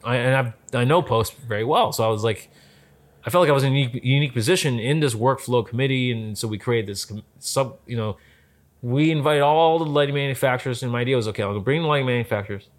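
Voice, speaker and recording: A man in a casual conversation about film lighting. He tells stories in an animated way, acts out what people said, and often restarts his sentences. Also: medium pitch, quick pace. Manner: animated storyteller, acts out quotes, many restarts. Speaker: lighting specialist guest.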